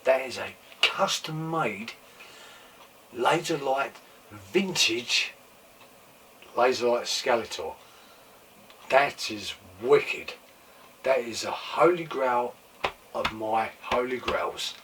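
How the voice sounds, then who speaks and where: Excited guy showing off a toy, losing his voice, mic a bit far off. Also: mid-range voice, slow pace, pauses often. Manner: excitable, repeats exclamations, swears freely. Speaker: toy collector and show host. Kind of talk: casual show-and-tell chat. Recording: mic set back from speaker, faint room noise.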